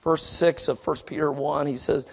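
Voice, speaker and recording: A middle-aged man delivers a sermon in a high, gravelly voice. He moves between quiet, slow scripture reading and forceful, emphatic exhortation. His delivery is dynamic and earnest. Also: fairly even intonation. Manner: dynamic, swinging from soft to emphatic; reads scripture aloud slowly. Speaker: preacher.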